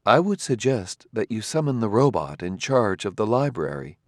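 A male audiobook reader voicing a calm, courteous humanlike male robot who speaks in a measured, grave way. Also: lowish voice, dry recording, clean studio sound. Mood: composed. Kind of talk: audiobook character voice.

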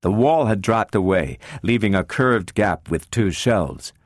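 A man narrating an audiobook with an expressive, varied storytelling delivery. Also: on the low side, a little slow, dry recording, clean studio sound.

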